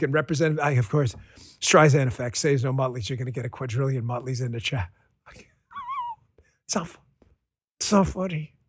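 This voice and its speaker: High-voiced, excitable male podcast host. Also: breathy edge, dry recording. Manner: sarcastic, excitable, ranting, breaks into laughter. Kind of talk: political commentary monologue.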